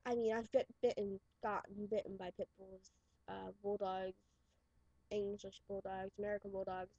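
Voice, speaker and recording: A woman's voice: mid-range voice, little pitch movement, moderate pace, dark tone, dry recording. A teenage girl with a New York accent, rambling casually into her webcam with many restarts. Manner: chatty, restarts and trails off. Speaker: webcam vlogger. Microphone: webcam mic. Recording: dull lo-fi webcam audio.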